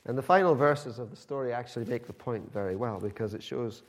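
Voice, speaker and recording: A man's voice: mid-range voice, brisk. Conversational male preacher. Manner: conversational, emphatic storytelling. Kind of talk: sermon.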